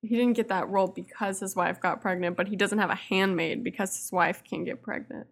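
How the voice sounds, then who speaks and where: A woman in her usual middle register chats as a podcast co-host, relaxed and reflective, with soft laughs between her thoughts. She talks things over at an easy, unhurried pace. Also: mid-range voice, gravelly. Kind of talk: casual chat recapping a TV episode.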